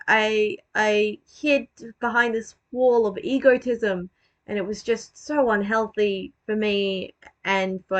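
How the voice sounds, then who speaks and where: A woman's voice: mid-range voice, fairly bright tone. A woman giving casual, self-deprecating commentary on her own old video, rambling, swearing and restarting her sentences.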